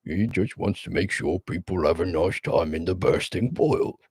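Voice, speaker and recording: A man's voice: low-pitched, moderate pace, slightly rough, no echo. A man streaming as game master, wrapping up a tabletop session in loose, rambling casual chat with frequent swearing.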